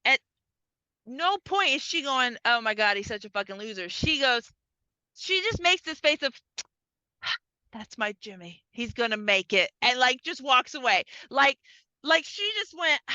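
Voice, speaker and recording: A woman's voice: very animated, takes it slowly, bright, forceful tone, clean tone, dry recording, muffled recording. A woman co-hosting a podcast, casually retelling a film's scenes and acting out the characters. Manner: acts out characters, drops low for men. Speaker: podcast co-host. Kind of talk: casual chat recapping a film.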